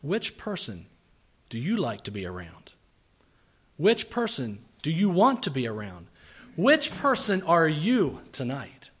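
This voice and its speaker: A man preaching a sermon, acting out grumbling voices and asking rhetorical questions, swinging from quiet asides to loud outbursts. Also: high voice.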